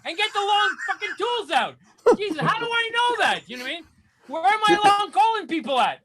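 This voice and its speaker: High, lively ranting stand-up comic man. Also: a little fast, background noise. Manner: exasperated ranting, bursts into shouts. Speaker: stand-up comedian. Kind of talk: stand-up comedy set.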